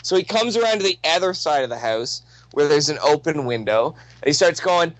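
A man's voice: a little high, animated, fairly quick, no echo, rough recording. A young man casually telling a rambling, profanity-laced anecdote, full of restarts and asides.

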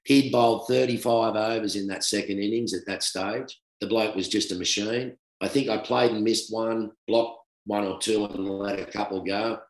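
A middle-aged Australian man, a former cricketer, telling a long anecdote in a casual, animated way, often laughing. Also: on the low side, normal speed, hardly any pauses. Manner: animated, laughing storyteller who acts out quoted voices. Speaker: former cricketer, guest storyteller. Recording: roomy echo.

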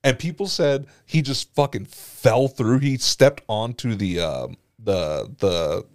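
Animated man telling crude school stories. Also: mid-range voice, slow. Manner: profane storytelling with laughter. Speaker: podcast co-host. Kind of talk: casual chat.

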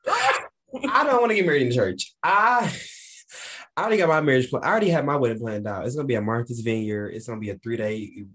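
A playful man co-hosting a podcast, talking in a loose, casual way and laughing often. His pitch swings widely and lively as he talks. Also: fast, a little hiss or hum. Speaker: podcast co-host.

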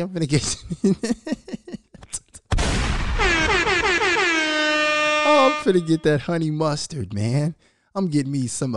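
This man in his thirties hosts his own show, delivering a casual monologue of profane stories with animated energy. His voice sits on the high side with a creaky quality, and there's no room sound.

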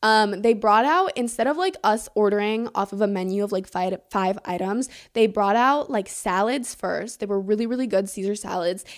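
A woman's voice: mid-range voice, moderate pace, few pauses. Teenage girl, podcast host, casual chat, rambling, lots of fillers, swears casually. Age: teens. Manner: chatty, heavy use of "like" and "um", swears casually. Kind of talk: casual storytelling.

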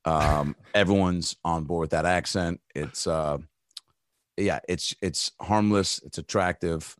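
A man's voice: sits low, fairly even intonation, slow, no echo, studio quality. A man guesting as a comedian on a podcast, riffing loosely in casual chat with plenty of profanity and fillers.

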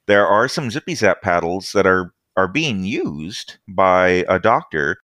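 A man narrating as game master of a tabletop game, easygoing and halting, with many fillers. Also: big pitch swings, a bit bright, dry recording, studio quality. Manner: easygoing, halting with fillers, brief squeaky voices for side characters.

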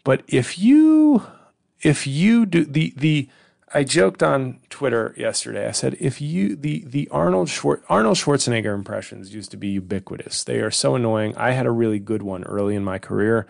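Gravelly rambling comedian. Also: male voice, mid-range voice, lively intonation, a little fast, hardly any pauses, dry recording, studio quality. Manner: rambling, profane, sardonic. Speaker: comedian podcast host. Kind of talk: casual solo podcast monologue.

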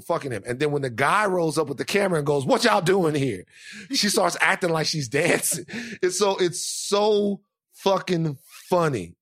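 A man telling a story in casual chat, animated and acting out other people's lines in shifting voices. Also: fairly high pitch, no echo, clean studio sound.

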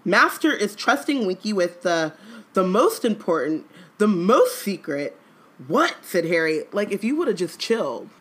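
A woman's voice: medium pitch, very animated, measured pace. A woman co-hosting a casual podcast, joking and reading a book aloud. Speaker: podcast co-host.

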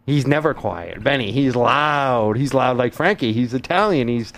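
A man's voice: medium pitch, animated, moderate pace, creaky, fairly bright tone. Teasing, rambling male radio host. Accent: Boston. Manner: teasing, rambling, laughs often. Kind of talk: casual radio banter. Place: radio studio.

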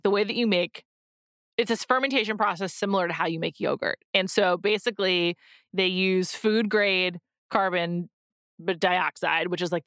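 A woman co-host chats casually, her voice bright and forward. She talks in bursts full of "like" fillers and quick restarts. The sound is dry and close, with no room around her. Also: on the low side, no room sound. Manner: chatty, many "like" fillers and restarts. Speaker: podcast co-host. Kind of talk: casual chat. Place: in New York.

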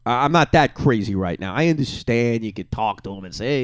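A middle-aged man hosting a podcast alone, ranting with euphoric excitement late at night on little sleep, jumping from yelling to hushed asides. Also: medium pitch, fairly quick, hardly any pauses, no echo. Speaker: podcast host. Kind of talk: excited solo sports reaction.

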